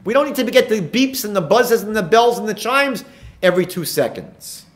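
A man's voice: high-pitched, animated, normal speed. A man, a rabbi giving a lecture, retelling Talmud stories and asking emphatic rhetorical questions. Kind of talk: recorded lecture.

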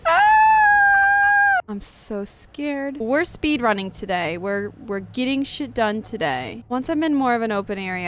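A woman's voice: mid-range voice, fairly bright tone, a little hiss or hum. Jumpy, nervous woman gamer. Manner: jumpy, nervous, swears a lot, frequent gasps. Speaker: gaming streamer. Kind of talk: let's play commentary.

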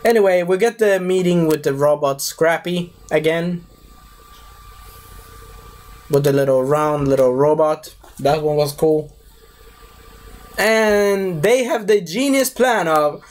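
A young man giving a casual, animated movie review rant who keeps slipping into silly high voices for the characters. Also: takes it slowly, pauses often.

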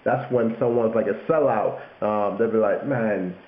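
A young vlogger with a low-ish, steady voice explains slang at a moderate pace, laughing and joking throughout and putting on mock London voices as examples. Audio is tinny lo-fi webcam sound in an echoey room.

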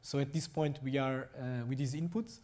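A young adult man with a Portuguese accent giving a technical lecture, speaking haltingly with many fillers and restarts. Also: mid-range voice, steady tone, darkish tone.

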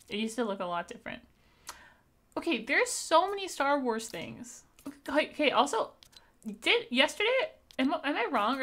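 A young woman from Canada talks to her live-stream viewers over gameplay, bubbly and quick to laugh. Her voice sits a touch high and rings very bright. She chats casually, as if in a home streaming setup. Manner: bubbly and chatty, thanks viewers, laughs often.

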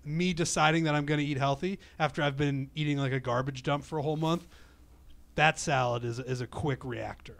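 A man co-hosting a golf podcast, telling stories in a quick, excitable way. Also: on the high side, vocal fry. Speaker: podcast co-host. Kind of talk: casual golf podcast chat.

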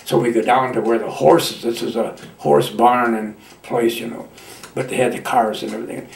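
Halting, folksy old man in his nineties. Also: mid-range voice, vocal fry, echoey room, recorded from a distance. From Michigan, United States. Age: 90s. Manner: halting, folksy storytelling with colloquial grammar. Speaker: veteran interviewee. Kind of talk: oral history reminiscence.

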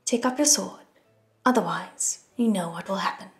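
A woman reading an audiobook, voicing a cold, sinister male demon who speaks darkly and softly. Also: medium pitch, normal speed, faint music behind, lightly acted. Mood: menacing. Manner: dark, menacing, soft.

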